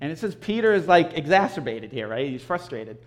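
Male preacher, high pitch, casual animated sermon style with throat clearing between points. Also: fairly quick. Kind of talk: conversational sermon.

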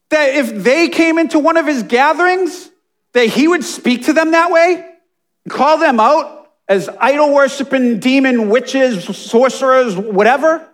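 Guy with a really high voice preaching, fired up, goes quiet then loud. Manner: passionate, swings from hushed asides to emphatic near-shouting. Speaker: pastor. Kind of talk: sermon.

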